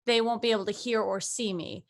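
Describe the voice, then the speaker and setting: A woman's voice: a little high, fairly even intonation, brisk. Woman player thinking aloud. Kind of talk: casual tabletop game chat.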